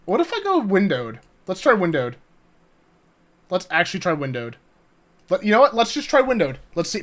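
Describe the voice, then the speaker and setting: A young man chatting live on a game stream, excitable and swearing, laughing often and talking to his chat. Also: high-pitched, moderate pace, long pauses.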